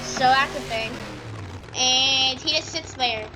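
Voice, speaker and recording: A woman's voice: high-pitched, takes it slowly, music in the background. A woman narrating a comedy game video in a rambling, hyped, slangy way. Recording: noisy with engine sounds.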